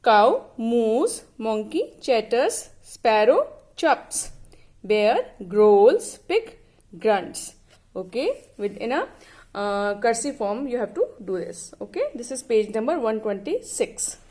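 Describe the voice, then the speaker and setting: A woman's voice: fairly high pitch, sing-song, slow, darkish tone. A woman teacher giving a lesson, who spells words out letter by letter and imitates the animal sounds. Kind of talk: online class lesson.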